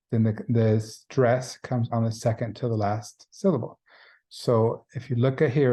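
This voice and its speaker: A man's voice: mid-range voice, warm tone. A man teaching a beginning Spanish class in a recorded lecture, explaining grammar patiently and repeating the key points. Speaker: Spanish instructor.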